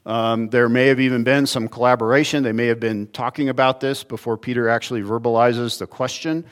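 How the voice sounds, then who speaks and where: A man who is a pastor, preaching a sermon in a conversational way and acting out small everyday dialogues. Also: mid-range voice. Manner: conversational, acts out little dialogues.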